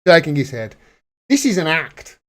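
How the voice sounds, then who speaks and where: On the high side and a bit bright, his voice swings widely in pitch at a moderate pace. He's a livestream host doing political commentary, ranting furiously with plenty of profanity.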